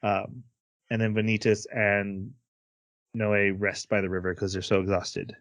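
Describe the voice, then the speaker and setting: A man's voice: fairly low pitch, level tone, a bit bright, dry recording. A man co-hosting a casual podcast, rambling through an anime episode recap and briefly acting out the characters' lines. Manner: rambling recap with quick acted-out character quotes. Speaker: podcast co-host.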